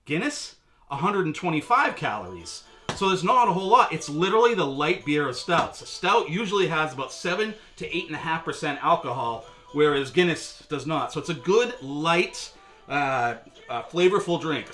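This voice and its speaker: A man's voice: fairly high pitch, lively intonation, moderate pace, sharp tone, soft background music. A man hosting a casual beer review video, chatty and wry, with a lot of filler words. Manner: chatty, joking, with frequent filler; wry and sarcastic.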